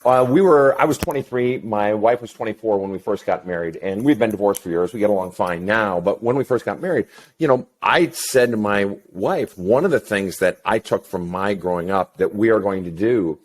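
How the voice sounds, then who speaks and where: A middle-aged man, a counselor talking as an interview guest, telling a story in a blunt, profane and animated way. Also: on the low side, moderate pace. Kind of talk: casual interview chat.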